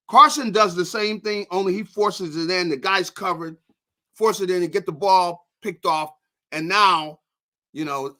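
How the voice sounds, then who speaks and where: A man's voice: high-pitched, bright, forceful tone. A man speaking as a guest football analyst in a casual, rambling way with many restarts. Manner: rambling, lots of restarts and "you know". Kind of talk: casual sports talk.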